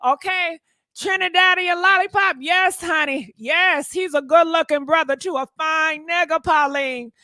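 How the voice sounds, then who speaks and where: In studio-quality audio without room sound, a woman with a very high voice and sharp tone hosts a gossip livestream at an unhurried pace. She talks to her viewers directly and sassily, calling them honey.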